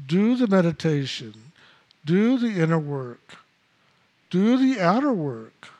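A man's voice: high-pitched, sing-song, slow pace, darkish tone, dull audio. A man giving a spiritual teaching talk, emphatic and repetitive, with blunt asides.

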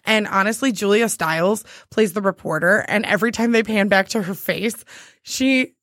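A hoarse woman chatting casually as a co-host, telling stories in an animated way, acting out scenes and laughing often. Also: medium pitch, normal speed, no room sound, clean studio sound. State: hoarse from lack of sleep. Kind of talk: casual chat.

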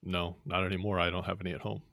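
A man's voice: deep voice, little pitch movement, quick pace, vocal fry, fairly bright tone, no echo, clean studio sound. A man co-hosting a personal finance show, explaining things plainly and easily with a few fillers. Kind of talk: casual radio show banter.

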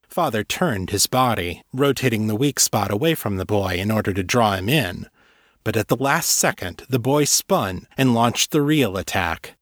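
Low-voiced guy reading a fantasy audiobook, steady and measured, dry sound. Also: no room sound. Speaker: narrator and author. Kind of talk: audiobook narration.

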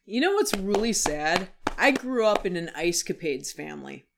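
A woman reacts in casual chat with short replies and laughter, her pitch rising and falling a lot. Clear noise and clicks sit under the recording. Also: very animated, normal speed.

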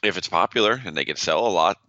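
Man, co-host, very low pitch, sharp tone, slightly dull lo-fi sound, wisecracking. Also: quick pace, no echo. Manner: playful and wisecracking. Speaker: podcast co-host. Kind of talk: casual podcast banter.

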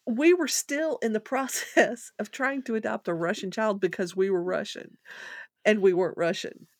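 A woman's voice: medium pitch, moderate pace, no echo, clean studio sound. A middle-aged woman, rambling through a personal story as a guest. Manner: rambling, animated when telling a funny story. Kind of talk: casual storytelling.

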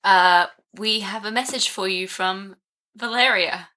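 A woman's voice: medium pitch, measured pace, pushed and bright, rough recording. A woman playing a tabletop game, speaking plainly and to the point. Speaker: player.

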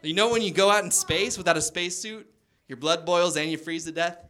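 Male stand-up comic in his thirties, bright tense voice, rambling story with acted-out quotes. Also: high voice, a little fast. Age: 30s. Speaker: stand-up comedian. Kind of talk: stand-up comedy set. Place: stage before a laughing audience.

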